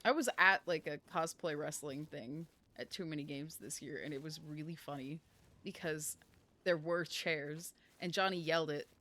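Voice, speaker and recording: A woman streamer chatting casually over her gameplay in an animated way, laughing often. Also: low-pitched, moderate pace.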